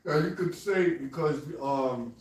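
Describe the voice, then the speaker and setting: Distant man chiming in from an echoey room. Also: a little high. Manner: halting, with restarts. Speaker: class participant. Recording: distant, echoey, faint noise.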